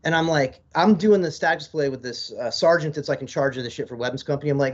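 This podcast interview features a U.S. military veteran in his forties telling sprawling, casual stories full of swearing in an easygoing manner. He talks fast with few pauses in a higher-pitched voice, captured on somewhat dull lo-fi audio.

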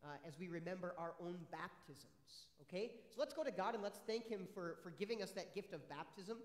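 A man's voice: sits high, expressive, brisk. A male pastor giving a friendly children's sermon, asking the kids one question after another in an upbeat way. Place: church sanctuary. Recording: echoey church hall with long reverb.

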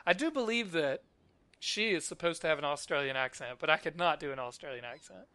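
A man's voice: fairly high pitch, quick pace, bright, forceful tone, clear, resonant tone. A man hosting a let's play, thinking aloud and easily delighted as he plays. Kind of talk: casual gameplay commentary.

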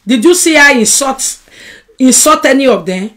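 A Nigerian woman chatting on a live stream from her home, her voice sitting a little high. She is animated and combative as she answers the comments one by one. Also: moderate pace. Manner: animated, argumentative, reads and answers viewer comments. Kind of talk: casual live-stream chat.

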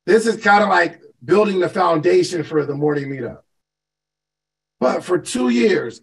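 A man with a fairly high, gravelly voice gives a motivational talk to a live call audience. He speaks conversationally, asks his listeners questions and repeats himself for emphasis. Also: low-quality recording. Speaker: host and business coach.

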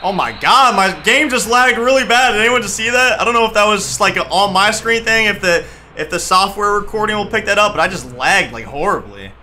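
A young man giving excitable, trash-talking commentary over a football video game he is playing. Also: high-pitched, fairly quick, few pauses, a little hiss or hum. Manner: excitable, trash-talking, shouts at big plays. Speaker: gaming YouTuber. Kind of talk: gameplay commentary.

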